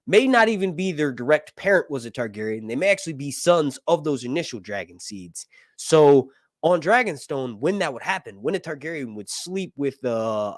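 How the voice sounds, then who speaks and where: A man's voice: mid-range voice, dry recording, clean studio sound. A man from the United States giving casual, opinionated video commentary, ranting with frequent fillers and tag questions. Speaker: YouTube commentator.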